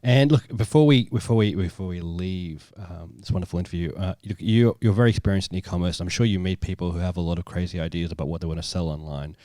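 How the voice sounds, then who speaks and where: A man's voice: sits low, quick pace, hardly any pauses, warm tone, no room sound, studio quality. A man co-hosting an interview, asking questions in a friendly way with hesitant restarts. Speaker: podcast co-host.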